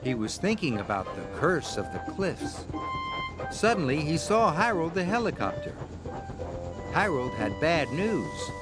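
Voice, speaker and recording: A man narrates a children's story with expressive, gently dramatic delivery. His pitch moves a lot and sits a little high. Music plays underneath. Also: a little slow.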